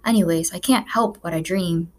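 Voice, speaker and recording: A woman reading the part of a weary, melancholy older farmer, speaking in a breathy, sighing half-whisper as if half asleep. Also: fairly low pitch, normal speed, slight background noise, lightly acted. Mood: sleepy grumbling. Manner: groggy, grumbling.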